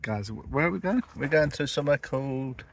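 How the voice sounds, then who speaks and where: A man's voice: mid-range voice, expressive, brisk, dry recording. A young man chatting casually to viewers in a travel vlog, rambling and joking. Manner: rambling, jokey, talks to viewers. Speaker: vlogger.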